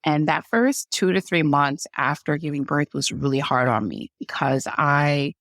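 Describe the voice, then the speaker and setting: A woman with a lowish voice recounts her birth experience in loose, conversational storytelling, full of fillers and quoted lines she acts out. The sound is dry and close, with no room around her. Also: unhurried, fairly bright tone, dry recording. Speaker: podcast guest sharing her birth story. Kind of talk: emotional personal storytelling.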